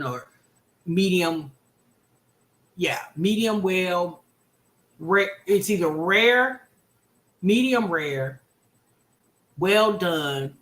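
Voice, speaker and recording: A woman hosting a livestream, ranting at a viewer in an animated, exasperated way. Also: on the low side. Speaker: host. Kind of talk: livestream commentary. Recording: roomy echo.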